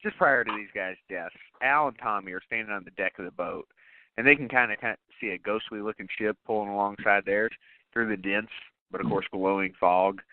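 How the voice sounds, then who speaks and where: Male podcast co-host, casual and animated, salty language; thin lo-fi sound. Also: lowish voice, brisk, a little hiss or hum. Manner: animated, swearing, acts out quotes. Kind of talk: casual movie-review chat.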